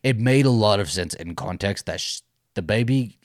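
A man's voice: moderate pace, no room sound, studio quality. A man co-hosting a podcast in casual chat, acting out quoted lines in a raised voice. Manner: animated, acts out quoted lines in high voices. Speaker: podcast co-host.

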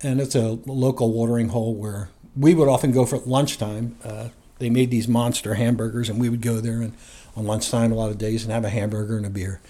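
A man's voice: medium pitch, little pitch movement, fairly quick, warm tone. A man from New Jersey, a guest on an interview show, relaxing into a rambling personal story with frequent chuckles. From New Jersey, USA. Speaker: guest sharing his faith story.

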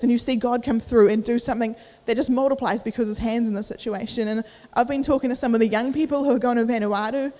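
A woman's voice: a little high, fairly even intonation, fast, few pauses, warm tone. A young woman giving a casual sermon at church, chatty with many fillers, acting out inner voices, a little out of breath. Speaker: youth preacher. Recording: echoey church hall.

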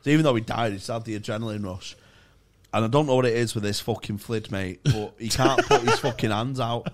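Young man, comedy podcast co-host, sweary anecdotes broken up by laughs. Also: mid-range voice. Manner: sweary and laughing, rapid bursts. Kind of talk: casual chat, comic storytelling.

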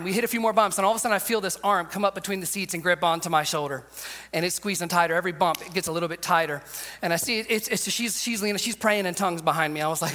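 A male pastor with a high, bright, forceful voice tells a comic story as he preaches. He acts out every quote with lively energy. A long reverb from a large hall trails his words. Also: racing. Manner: animated storyteller, acts out quotes, laughs often. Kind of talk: sermon with a humorous personal story.

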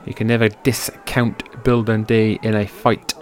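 A man giving amateur play-by-play commentary on a wrestling match, shifting from low, offhand calling to loud, high-pitched outbursts laced with swearing, into his own microphone. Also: flat delivery, a little slow, a little hiss or hum. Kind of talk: amateur play-by-play commentary over old footage. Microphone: personal microphone.

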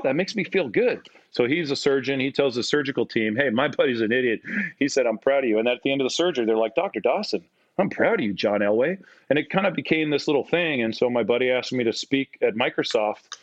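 A man's voice: mid-range voice, no echo. A man from Canada in his forties, a podcast guest telling casual anecdotes, mocking himself and acting out the voices he quotes. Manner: self-deprecating, acts out quoted voices. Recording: slightly muffled dry recording.

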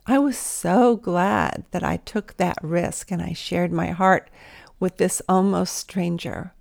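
A woman's voice: on the low side, steady tone, takes it slowly, vocal fry, a little mellow. A woman giving a devotional talk in an earnest, intimate manner, sometimes dropping to a whisper. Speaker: Christian speaker.

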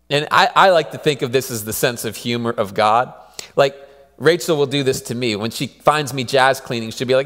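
A man's voice: fairly high pitch, brisk, a bit bright. A man in his thirties, a pastor, preaching a conversational sermon with repeated phrases. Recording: long hall reverb.

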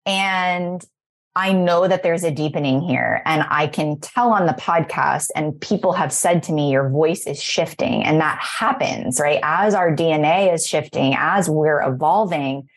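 A woman's voice: low-pitched, unhurried. A woman in her thirties hosting a podcast, talking in an effusive, rambling and emotional way about spiritual growth. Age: 30s. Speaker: podcast host. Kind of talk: casual spiritual chat.

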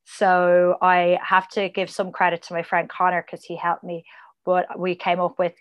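A woman talking as a podcast guest in relaxed conversation, her voice sitting a little low. She rambles happily, drifts into tangents and fills her sentences with "like" and "um". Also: normal speed. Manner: chatty, rambling, many fillers and tangents. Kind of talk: casual podcast chat.

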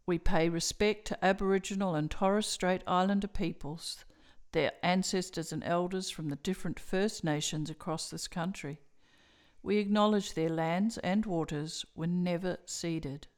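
A woman reading a formal scripted statement in a measured way. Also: lowish voice, steady tone.

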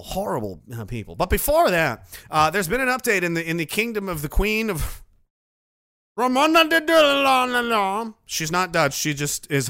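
A man's voice: medium pitch, pushed and bright, dry recording, clean studio sound. A man from Nova Scotia hosting a casual livestream, rambling and swearing freely as he jokes and reads out viewer messages. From Nova Scotia, Canada. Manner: rambling, profane, joking. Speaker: livestream host.

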